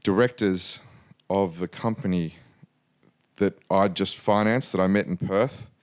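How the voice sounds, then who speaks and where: Businessman guest in his forties from Australia, low voice, animated anecdotal delivery. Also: unhurried. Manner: animated anecdotal, acts out quotes. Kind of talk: casual storytelling interview.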